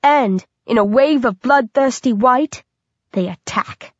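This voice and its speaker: A woman giving a dramatic, expressive first-person reading of a horror audiobook. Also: fairly high pitch, takes it slowly, dry recording. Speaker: audiobook narrator. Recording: dull lo-fi dry recording.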